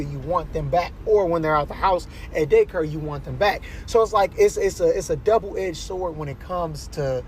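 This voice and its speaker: A man speaking in a high register delivers blunt, profanity-laced commentary as a parent. He talks emphatically in a casual way, with a faint hum of noise in the background.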